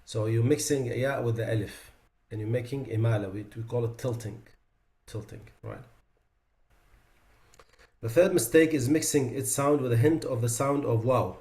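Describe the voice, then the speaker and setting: In a reverberant, echoing room, a man teaches tajweed with an ordinary mid-range pitch and a somewhat dark tone. As a Quran recitation teacher, he describes each error in plain speech before slowly stretching example words with emphasis to contrast them.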